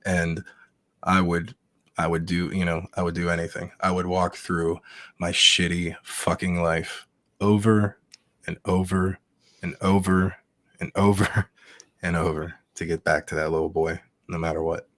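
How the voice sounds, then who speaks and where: A man with a very deep voice speaks as a podcast guest. He is emotional and candid and swears without holding back. The sound is dry with no room echo. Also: little pitch movement, measured pace, a bit bright. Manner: heartfelt and emotional, swears freely. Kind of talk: candid interview talk.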